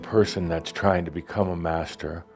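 A man giving a spiritual talk to an audience, speaking in a slow, hushed, meditative way. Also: low voice, fairly even intonation, music in the background. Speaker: spiritual teacher.

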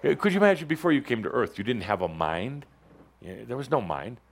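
A man's voice: medium pitch, very animated, brisk, creaky. A man speaking as a spiritual teacher to a live audience, in a playful, teasing way, often laughing.

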